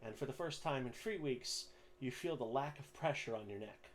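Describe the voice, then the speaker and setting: A man's voice: mid-range voice, animated, moderate pace, a little hiss or hum. Man running a tabletop game. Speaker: game master.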